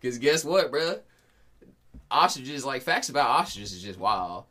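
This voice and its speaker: A podcast host in his twenties chats casually with a friend at an ordinary male pitch. Very animated, his voice is pushed and bright, and his talk is slangy and profane with lots of quick restarts.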